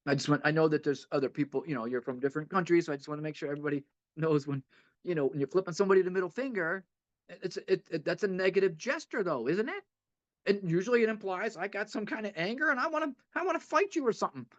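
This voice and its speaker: A man's voice: high voice, animated, quick pace, highs cut off. A man giving a heartfelt, rambling talk at a recovery meeting, often repeating himself and laughing a little.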